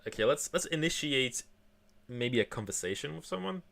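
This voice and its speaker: A man's voice: medium pitch, animated, normal speed, vocal fry, fairly bright tone. A male game streamer chatting casually at home, rambling with lots of fillers and restarts. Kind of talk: casual chat while gaming.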